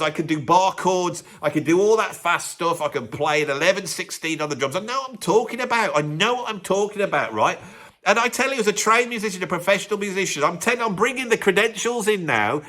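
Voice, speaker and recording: A man's voice: high voice, lively intonation, brisk, pushed and bright. A man, a musician hosting his own video channel, ranting in a mock-pompous, self-mocking way. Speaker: YouTube host and professional drummer. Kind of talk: sarcastic comedic rant to camera.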